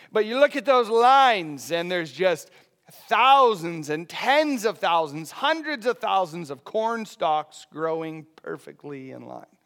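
Pastor guy with a fairly high voice, chatty sermon, keeps asking "right?". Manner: conversational, animated, often asking "right?".

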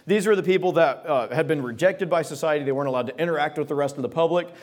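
A man preaching a sermon, retelling scripture passages in casual modern words and reading the old verses slowly. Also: on the high side. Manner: reads King James verses slowly and solemnly. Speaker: pastor.

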